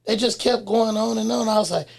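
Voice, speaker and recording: An easygoing man hosts a laid-back interview. His voice is high for a man, gravelly and somewhat husky. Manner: easygoing, agreeable, quick affirmations. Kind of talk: casual interview chat.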